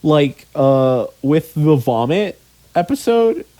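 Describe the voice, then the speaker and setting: A man's voice: fairly high pitch, big pitch swings, slow pace, mellow, no room sound. Rambling, swearing male podcast host. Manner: rambling, swears freely, many ums. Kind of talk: casual chat.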